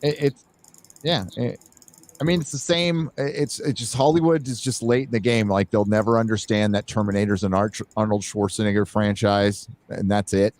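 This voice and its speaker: A man's voice: lowish voice, fairly even intonation, normal speed, darkish tone. A man hosting a casual podcast chat, rambling with blunt opinions and stammered restarts.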